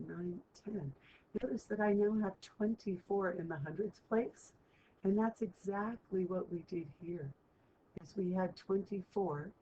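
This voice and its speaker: A woman's voice: fairly low pitch, warm tone. A woman teacher walking students through a math lesson, chatty and checking in with them often. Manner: chatty, keeps checking in with "right?". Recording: muffled lo-fi recording, faint hiss.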